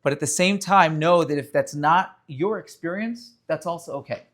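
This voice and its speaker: Rabbi man telling stories to a room full of people, earnest and heartfelt, voice kinda high for a guy. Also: moderate pace, a bit bright. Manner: earnest, storytelling. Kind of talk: inspirational talk at a prayer service. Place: room with a live audience.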